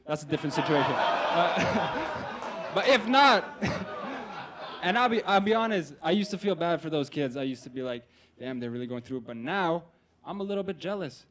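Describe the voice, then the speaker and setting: A man's voice: high-pitched, animated, moderate pace, fairly bright tone, slight background noise. A man in his twenties performing a stand-up comedy set on a club stage, talking casually and with plenty of swearing. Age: 20s. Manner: profane, conversational, acts out quoted characters.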